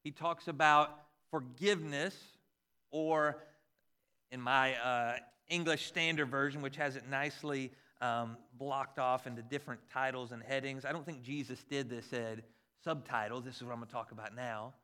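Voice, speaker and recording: A man in his forties, a pastor, preaching a conversational and animated sermon with jokes about his kids. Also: mid-range voice, moderate pace, clean tone. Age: 40s.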